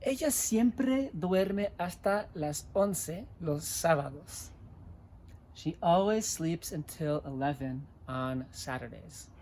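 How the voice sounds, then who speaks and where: A man teaching a language lesson, repeating each word slowly and clearly so listeners can type it. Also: a little high, expressive, darkish tone, a little hiss or hum. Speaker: Spanish teacher. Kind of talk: slow dictation-style language lesson.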